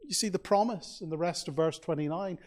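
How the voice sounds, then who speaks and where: A man preaching a sermon in a church, speaking earnestly with emphatic pauses. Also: high-pitched, darkish tone.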